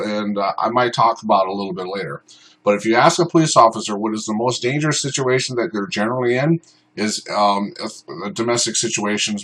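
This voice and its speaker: A man teaching self-defense law in an unscripted, informal way, often pausing on ums and uhs. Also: fairly low pitch, rough recording. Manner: informal, many ums and uhs, shouts out acted commands in examples. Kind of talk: unscripted explanatory talk.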